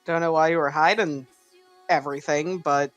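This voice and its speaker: A player with a mid-range voice speaks in character in a tabletop game. The talk is halting, full of restarts and casual swearing, and faint music plays underneath. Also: mid-range voice, steady tone, highs cut off. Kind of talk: in-character tabletop roleplay chat.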